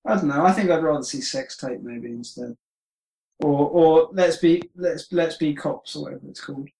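A man as a podcast guest in casual film discussion, speaking in a polite, measured, slightly tentative way. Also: on the high side, creaky, darkish tone. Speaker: podcast guest, former co-host. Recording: roomy echo.

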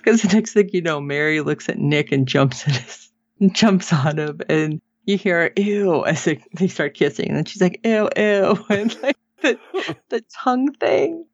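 A woman's voice: low-pitched, moderate pace. A woman co-hosting a casual podcast, retelling a TV episode with laughter and acted-out quotes. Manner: animated retelling, acts out quotes, laughs often. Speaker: podcast co-host recapping a TV episode. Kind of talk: casual chat. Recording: dull lo-fi sound.

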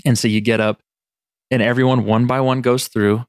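Man from Montana, podcast co-host, casual storytelling, laughs often, mid-pitched voice, dry close sound. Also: smooth, dry recording. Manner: laughing, animated storyteller doing quick impressions.

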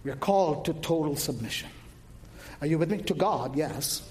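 With an animated delivery at a moderate pace, a male preacher's high voice swings from shouting down to low tones during his sermon. He keeps the congregation answering the questions he calls out to them.

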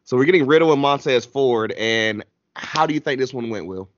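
A man's voice: medium pitch, a little fast. A man hosting a casual wrestling recap podcast, talking in a laid-back, slangy way and laughing often. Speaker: podcast host. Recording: dull lo-fi dry sound.

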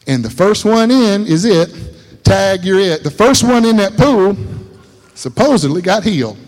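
A man preaching a sermon in a folksy, animated way, repeating lines for emphasis. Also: high voice, a little slow. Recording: reverberant hall.

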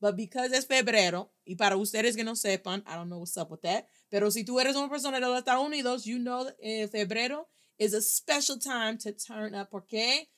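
A woman hosting a casual Spanish lesson, energetic and slangy, switching back and forth between English and Spanish. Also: on the high side, fairly quick. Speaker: host and Spanish teacher. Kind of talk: upbeat casual language lesson.

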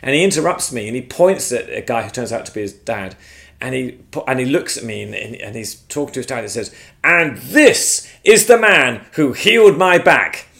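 A man from England, recorded outdoors at his home and telling a faith story with lively, shifting emphasis. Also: mid-range voice, quick pace, vocal fry. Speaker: guest speaker. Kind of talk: storytelling testimony on video. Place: outdoors at their home, front yard.

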